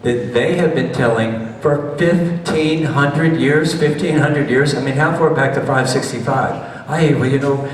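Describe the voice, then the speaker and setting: A man's voice: medium pitch, normal speed, crowd noise. A man giving a chatty, rambling slideshow travel talk and questioning his audience. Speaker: presenter, doctor. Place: large meeting hall. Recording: echoey hall, voice from far off.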